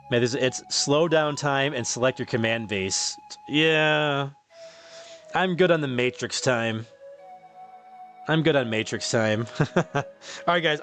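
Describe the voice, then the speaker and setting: A man hosting a live game stream, casually chatting and reading viewer comments aloud, laughing often and stumbling over his words, his voice getting a bit hoarse. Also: mid-range voice, a bit bright. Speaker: streamer host reading chat.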